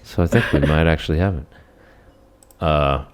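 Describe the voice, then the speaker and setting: A man's voice: very deep voice, moderate pace. A man hosting a podcast in casual chat, steering the talk and laughing often. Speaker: podcast host.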